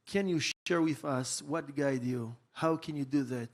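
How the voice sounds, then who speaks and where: A man's voice: mid-range voice, unhurried, darkish tone. A man interviewing a guest on a conference stage, building an earnest, long question before asking it.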